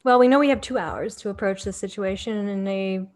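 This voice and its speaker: A woman playing a tabletop game, speaking in a polite, measured, slightly hesitant way. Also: medium pitch, a little mellow. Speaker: player. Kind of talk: in-character chat at a tabletop game.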